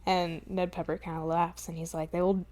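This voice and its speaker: A woman's voice: lowish voice, flat delivery, brisk, a little mellow. A woman co-hosting a podcast, chatting playfully about a favorite film and laughing often. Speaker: podcast co-host. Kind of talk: casual film chat.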